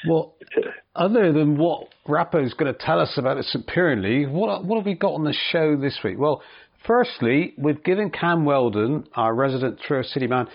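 A man's voice: a little high, lively intonation, normal speed, creaky, breathy edge. A man hosting a local football radio show, chattily introducing the week's segments. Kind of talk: radio presenting. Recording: muffled radio audio.

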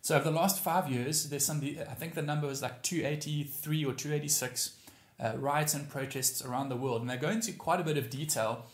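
A man's voice: fairly high pitch, steady tone, a little fast, echoey room. A man preaching a sermon as pastor, stressing and repeating key phrases.

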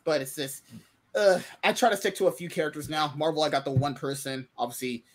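A man with a somewhat high voice talks fast while hosting a casual podcast chat. He's animated, often exclaiming in disbelief.

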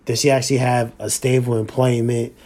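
A man co-hosting a podcast in casual chat, slangy and laid-back, repeating points slowly for emphasis. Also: medium pitch, level tone, mellow. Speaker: podcast co-host.

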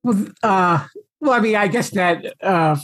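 A man hosting a podcast interview, asking questions in a hesitant, halting way. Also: high-pitched, fairly bright tone. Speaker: podcast host. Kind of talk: casual interview talk.

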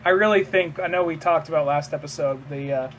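A man's voice: fairly high pitch, brisk, a bit bright, highs cut off, a little hiss or hum. A man co-hosting a podcast, rambling in casual chat, laughing and swearing and acting out quotes. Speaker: podcast co-host.

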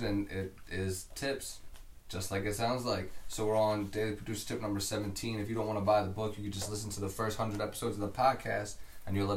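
A man hosting a podcast, giving a producer tip in a relaxed, rambling way. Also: lowish voice, roomy sound, far from the mic, a little hiss or hum. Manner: relaxed, rambling with many "like" fillers. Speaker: podcast host and music producer. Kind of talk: casual podcast chat.

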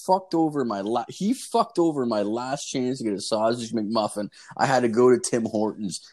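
A man's voice: medium pitch, moderate pace, darkish tone. A man in his twenties from Canada, casually telling a profane story on a podcast with lots of filler words. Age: 20s.

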